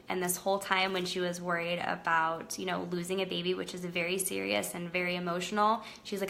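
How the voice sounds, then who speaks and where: A woman's voice: on the low side, level tone, a little fast, vocal fry, hardly any pauses, a bit bright, slight background noise. A young woman in a casual, earnest livestream talk about her psychic business, full of "like" and "um" fillers. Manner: chatty, earnest, lots of "like" and "um" fillers. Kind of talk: casual Facebook Live talk.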